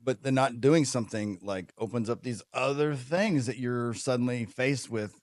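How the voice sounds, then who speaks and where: A man's voice: medium pitch, moderate pace, no room sound, studio quality. A man hosting a podcast, talking casually and thinking aloud, with many fillers. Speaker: podcast host. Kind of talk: casual conversation.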